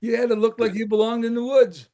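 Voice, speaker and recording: Older man with a high voice, casual storyteller, restarts and chuckles. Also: little pitch movement, fast, dark tone. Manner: rambling anecdotes with frequent restarts and laughs. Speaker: guest, former camp rec director.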